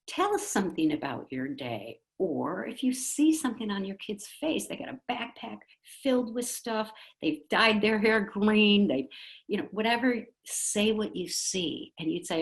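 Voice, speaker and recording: A woman's voice: medium pitch, lively intonation, measured pace, vocal fry. A middle-aged woman, a speech pathologist, giving an upbeat, chatty conference talk to parents and educators and acting out little quotes. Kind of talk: conference presentation. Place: school district virtual conference.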